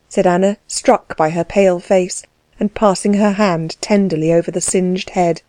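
A woman narrating a novel as an audiobook reader, in a measured, even reading style. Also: fairly low pitch, no echo. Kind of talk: scripted narration.

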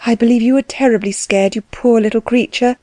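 A gentle young aunt speaks softly and tenderly, tired and pleading, as a woman narrator reads her. Her voice is mellow and dry, and she sounds emotional throughout. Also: fairly high pitch, fairly even intonation, brisk, dry recording, voice pushed up, lightly acted.

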